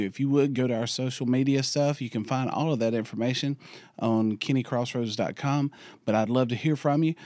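Hoarse guy, voice almost gone, quiet slow podcast intro for his church. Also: mid-range voice, no echo, clean studio sound. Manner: quiet, subdued, unhurried. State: hoarse, lost voice. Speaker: youth pastor.

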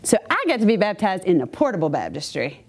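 A woman's voice: mid-range voice, fast talker. A woman giving a chatty personal testimony to a church congregation, with many asides. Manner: chatty, animated storytelling with asides.

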